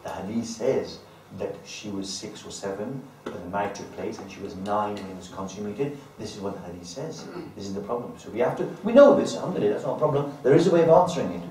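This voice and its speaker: Male lecturer, animated storytelling and questions to the class, heard from afar in a very reverberant room. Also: fairly low pitch, quick pace, few pauses, a little hiss or hum. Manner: animated, acts out the shouting crowd, frequent "right?" and "okay?". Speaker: teacher leading a dawah class. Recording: very echoey room, distant voice.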